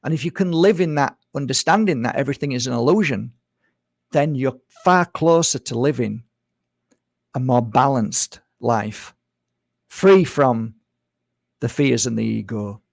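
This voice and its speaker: A man with a gravelly, creaky edge to his mid-pitched voice, talking through spiritual ideas in an easygoing, repetitive way. The sound is close and dry, with no room around him. Now and then he mimics other people in quick asides. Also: dry recording. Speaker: spiritual speaker. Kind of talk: reflective spiritual monologue.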